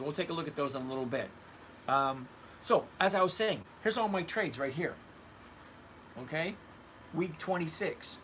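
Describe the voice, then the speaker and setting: Reading live chat on a casual trading stream, this older retired man responds to viewers by name in a blunt, conversational manner. His voice is fairly high and fairly bright, and the audio is poor with a bit of hiss or hum.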